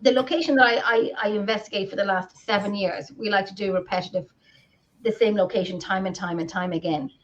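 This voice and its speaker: A woman's voice: medium pitch, steady tone, fast, dull audio. An Irish woman co-hosting a live video podcast, talking casually and rambling with many restarts. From Ireland. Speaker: podcast co-host. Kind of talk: casual chat. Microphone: video call.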